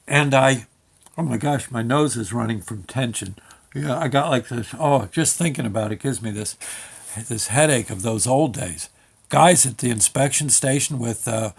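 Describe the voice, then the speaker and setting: A man in his sixties hosting a show, telling a comic story in an excitable, rambling way, often breaking off and restarting his sentences. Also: medium pitch, creaky. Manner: rambling, excitable, self-interrupting. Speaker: show host.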